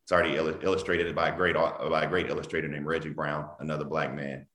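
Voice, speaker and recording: A very deep-voiced man speaks as a guest on a video call. He talks in an animated, emphatic way and laughs often. His voice rings around a noticeably echoey room. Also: fast. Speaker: guest author. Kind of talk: casual interview over video call.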